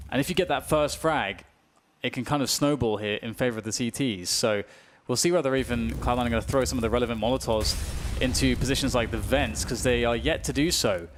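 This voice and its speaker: British guy casting esports, steady then yelling when stuff pops off. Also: medium pitch, fast, a little hiss or hum. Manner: calm analysis that bursts into excited shouts on big plays. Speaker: esports commentator. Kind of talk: esports play-by-play commentary.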